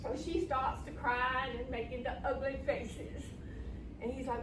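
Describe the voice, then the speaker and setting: A woman storyteller spins a folk tale in a slow, folksy drawl, her voice high for a woman. She sounds far from the mic in a roomy community hall, with steady noise underneath. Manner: folksy, drawling, laughs along with the audience. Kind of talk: live folk tale telling.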